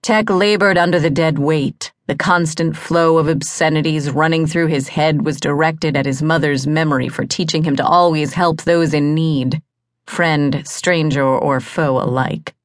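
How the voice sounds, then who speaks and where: Female audiobook narrator, low register, slow and measured, dramatic. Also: steady tone, dry recording, clean studio sound.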